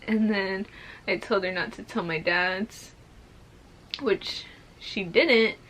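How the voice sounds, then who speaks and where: A woman's voice: mid-range voice, fairly bright tone, a little hiss or hum. A young woman casually telling a personal story to camera, full of fillers and growing emotional. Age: young adult. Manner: slow, emotional, many fillers like "like". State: currently pregnant. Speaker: vlogger.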